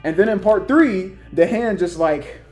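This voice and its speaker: A young man ranting casually about characters he would put on a list, rambling and acting out quoted lines in higher voices. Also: animated, a little slow, faint music behind. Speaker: YouTuber ranking characters.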